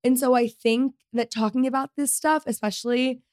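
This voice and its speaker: A woman's voice: high-pitched, steady tone, normal speed, a little mellow, dry recording, studio quality. A woman in her twenties hosting a solo podcast, chatting casually and rambling with lots of fillers. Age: 20s. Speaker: podcast host.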